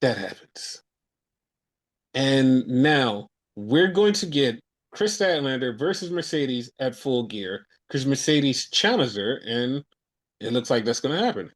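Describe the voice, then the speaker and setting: A man's voice: medium pitch, slow pace. A man hosting a casual podcast, ranting and swearing heatedly as he tells his stories with lots of energy. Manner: excitable, animated storytelling. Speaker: podcast host. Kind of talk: casual wrestling podcast chat.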